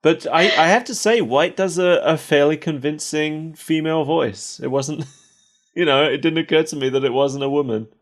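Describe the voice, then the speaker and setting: A man's voice: a little high, normal speed. A man co-hosting a podcast, chatting casually and laughing often between wry asides. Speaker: podcast co-host. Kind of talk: casual chat.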